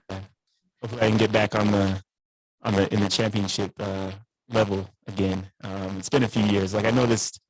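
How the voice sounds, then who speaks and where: Male guest, low husky voice, dry video-call sound, easygoing. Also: dry recording, poor audio. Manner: laid-back, says "man" often. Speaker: guest, teacher. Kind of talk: casual podcast chat over video call. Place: school studio.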